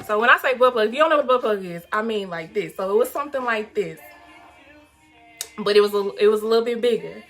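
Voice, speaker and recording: A young woman telling a story to her viewers in a casual, animated, profane way, laughing often. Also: a little high. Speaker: vlog host telling a story.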